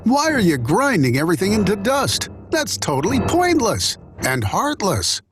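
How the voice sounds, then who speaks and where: An excitable young man, put on by a male storyteller, yelps and exclaims in a high, strained voice. His pitch leaps around wildly. Clear background music runs under the storybook reading. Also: normal speed. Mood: alarmed.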